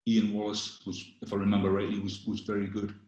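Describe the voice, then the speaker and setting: A man in his sixties, a former footballer, chatting casually as a podcast guest in a relaxed way with many restarts. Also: fairly low pitch, fast, echoey room, lo-fi sound. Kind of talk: casual chat.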